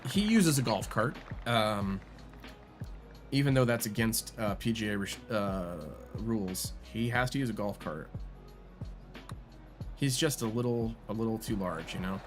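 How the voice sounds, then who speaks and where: A man's voice: fairly low pitch, lively intonation, measured pace. A man streaming a golf video game, rambling and joking as he thinks aloud with lots of fillers. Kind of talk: casual gameplay commentary. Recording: music playing behind. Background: game music.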